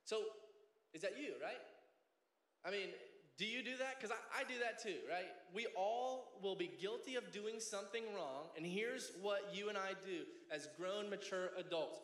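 A man's voice: high voice, moderate pace, fairly bright tone. A man in his thirties preaching a sermon as pastor, passionate and conversational, often checking in with "right?". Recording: echoey hall reverb.

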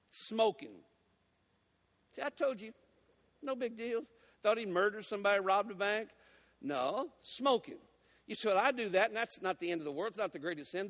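A man preaching a sermon as a guest, folksy and animated as he tells stories and teases the congregation. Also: high voice, in a large hall. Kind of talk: sermon with storytelling. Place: church sanctuary.

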